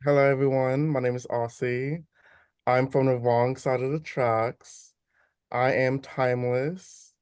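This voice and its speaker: Theatrical, smooth-voiced man. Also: mid-range voice, little pitch movement, darkish tone, dry recording, studio quality. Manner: theatrical, mysterious, slow.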